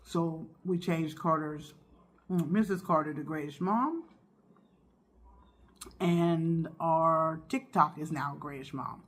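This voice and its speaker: A woman's voice: deep voice, takes it slowly, long pauses. A woman who hosts a mukbang, chatting casually and expressively while she eats. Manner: chatty and expressive, talks through bites. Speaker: mukbang vlogger host. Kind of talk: casual chat while eating.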